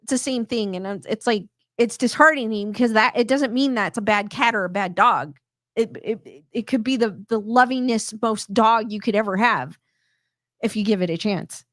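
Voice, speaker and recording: A middle-aged woman hosts a casual live stream, rambling in a chatty way with lots of restarts. Her voice sits a little on the high side. The sound is close and dry, with almost no room echo. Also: moderate pace, fairly bright tone. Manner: reads viewer comments aloud. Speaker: host reading chat comments.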